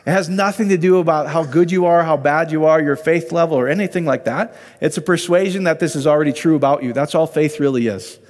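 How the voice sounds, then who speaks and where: Animated man teaching scripture in a hall. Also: fairly high pitch, fast, few pauses. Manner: conversational, animated, often asks the listeners questions. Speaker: Bible teacher. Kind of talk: informal sermon.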